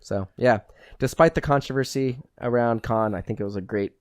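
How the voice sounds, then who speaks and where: A man's voice: medium pitch, normal speed, no room sound, clean studio sound. A man hosting a podcast, chatting casually and rambling with lots of "like" and the odd swear word. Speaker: podcast host. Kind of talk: casual chat.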